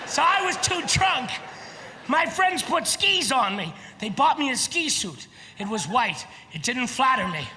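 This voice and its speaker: A man doing a stand-up comedy routine, animated and shouting his punchlines. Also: very high-pitched, a little slow, a little hiss or hum. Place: large theater stage before a live audience. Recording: live hall recording with loud crowd laughter. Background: audience laughter.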